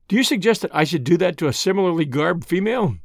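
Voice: medium pitch, animated, quick pace, gravelly, husky, no echo. An audiobook reader voicing a wry, easygoing young man with a dry, understated wit. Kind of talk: audiobook reading.

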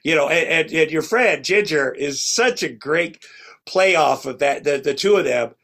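A middle-aged man on a podcast spins long anecdotes in casual chat. He rambles and restarts, then slips into the voices of the people in his stories. His voice sits a little high. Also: expressive, unhurried, gravelly, fairly bright tone. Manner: rambling, restarts often, acts out quoted lines. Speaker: podcast guest.

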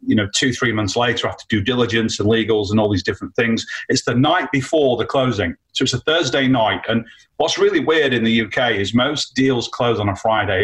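Male guest, mid-pitched, casual anecdote-teller, lots of "you know" and "um". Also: low-quality recording. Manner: animated anecdote with many fillers. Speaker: entrepreneur guest. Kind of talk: casual storytelling.

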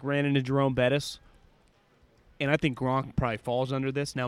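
A man on a sports podcast tells stories with lively energy and slips into other people's voices as he quotes them. His voice sits in the middle of the range for a man. The recording is dry and close, with no room sound. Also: medium pitch, smooth, dry recording. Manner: animated storyteller, acts out quotes. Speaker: podcast co-host. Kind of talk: casual sports chat.

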